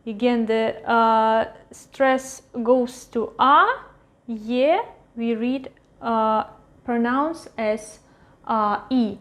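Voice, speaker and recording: A woman teaching a pronunciation lesson at a whiteboard, repeating each word slowly several times. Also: fairly high pitch, steady tone. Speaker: language teacher. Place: at a whiteboard with a marker.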